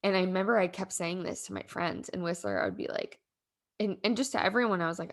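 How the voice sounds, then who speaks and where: A woman's voice: fairly low pitch, big pitch swings, fast talker. A young woman hosting a podcast, telling a personal story in a casual, rambling, heartfelt way, full of "like" fillers and close to tears at times. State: emotional, near tears. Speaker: podcast host.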